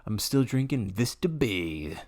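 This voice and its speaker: A man's voice: fairly low pitch, sing-song, measured pace, darkish tone. A young man co-hosting a podcast in easygoing, agreeable casual chat. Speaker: podcast co-host.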